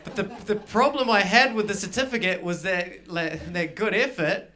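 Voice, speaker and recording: A man's voice: high-pitched, expressive, normal speed, sharp tone. A middle-aged man with a New Zealand accent performing a live stand-up set, telling stories and acting out both sides of the dialogues. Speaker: stand-up comedian. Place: small garage gig before a live audience.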